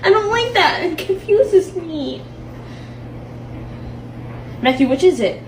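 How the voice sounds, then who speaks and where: A woman's voice: very high voice, lively intonation, slow pace, reverberant, far from the mic, slight background noise, poor audio. A woman at home being filmed on a phone, confused and laughing nervously as she keeps asking what is going on. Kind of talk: casual home video chat. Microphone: phone camera.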